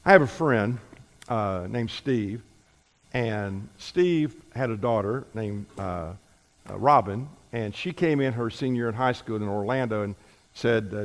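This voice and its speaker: A man's voice: medium pitch, lively intonation. Man preaching a sermon in a reverberant hall. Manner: storytelling, emphatic with slow deliberate stresses.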